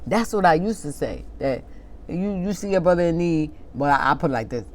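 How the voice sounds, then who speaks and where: A woman with a low voice preaches an informal sermon. She lingers over each word when she reads scripture, then turns impassioned and pointed, arguing with the people she is preaching to. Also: expressive. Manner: impassioned, talks back to an imagined congregation, laughs at herself; reads scripture slowly and deliberately.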